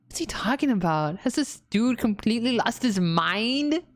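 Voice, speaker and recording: A woman's voice: a little high, animated, moderate pace. A woman streamer giving playful, giggly gameplay commentary and reading game dialogue aloud. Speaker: VTuber streamer.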